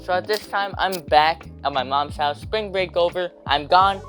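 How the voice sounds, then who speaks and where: A young man telling a rambling, slangy storytime rant, hopping into quick voices for quotes. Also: high-pitched, fairly bright tone, faint music behind.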